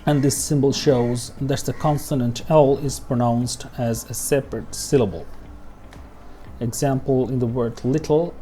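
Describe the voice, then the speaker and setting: A man with a mellow, medium-pitched voice teaches pronunciation in a screen-share lesson walkthrough. He repeats example words and frequently checks in with "okay?".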